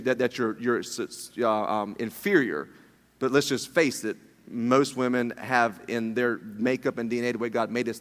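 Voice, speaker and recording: A middle-aged man preaching a sermon as pastor, animated and jokey, with many restarts. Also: mid-range voice. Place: church hall. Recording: long hall reverb.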